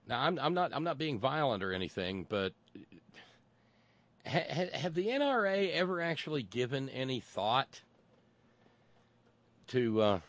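Man, sarcastic rambling commentary, mid-pitched voice, dry close sound. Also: big pitch swings, unhurried, pauses often, a bit bright, no room sound. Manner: rambling and sarcastic, many restarts. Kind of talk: casual monologue commentary.

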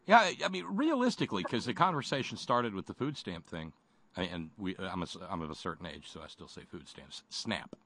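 A middle-aged man co-hosting political talk radio, sardonic and halting, with frequent restarts and stammers. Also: low voice, expressive, fairly bright tone. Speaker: radio host.

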